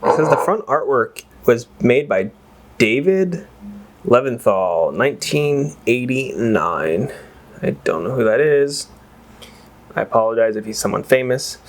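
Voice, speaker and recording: A man reviewing whiskey in a casual, rambling chat that wanders off on tangents and is full of exclamations. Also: medium pitch. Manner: exclaims and swears freely.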